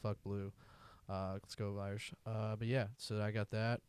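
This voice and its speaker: Low, smooth-voiced laid-back podcast host man. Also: level tone, normal speed, darkish tone. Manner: laid-back, profane banter. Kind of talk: casual podcast chat.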